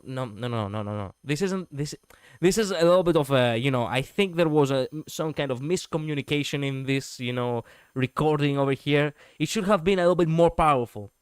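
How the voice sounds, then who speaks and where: A man streams his reaction to a story video, talking in loose, rambling bursts full of fillers and a curse here and there. His voice is smooth and sits a little high for a man. The sound is dry and close, with no room around it. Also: lively intonation, normal speed, dry recording. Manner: rambling, many fillers, swears freely. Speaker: streamer reviewing lore videos. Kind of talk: casual reaction commentary.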